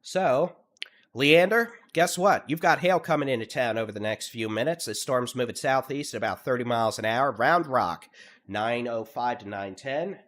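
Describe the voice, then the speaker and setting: Speaking at normal speed with an ordinary middle pitch, a Texan man handles live severe-weather coverage, his voice congested by allergies. His cadence is steady and occasionally monotone as he runs through towns, storm speeds and hail sizes.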